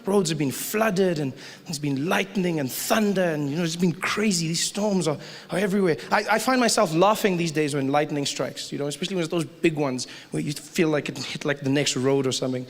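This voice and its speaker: Animated stand-up comic man in a big hall. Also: on the high side, a little fast. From South Africa. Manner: animated, acts out voices. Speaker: stand-up comedian. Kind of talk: stand-up comedy set. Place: large live venue with audience. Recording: live hall with audience noise.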